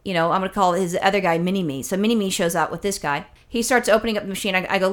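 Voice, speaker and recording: A woman's voice: medium pitch, fast talker, hardly any pauses. A woman telling a long exasperated story in casual chat, swearing often and acting out both sides of the exchange. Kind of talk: casual chat, ranting anecdote.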